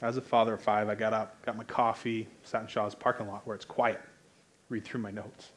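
A man in his thirties with an American accent, preaching a sermon in a conversational, joking way that rises to loud, emphatic bursts. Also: fairly low pitch, flat delivery, brisk, a little hiss or hum.

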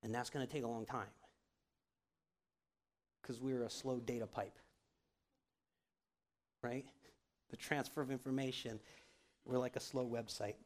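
A man's voice: mid-range voice, steady tone, a little slow, long pauses. A man preaching a sermon in a casual, conversational way, often checking in with the congregation. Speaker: pastor.

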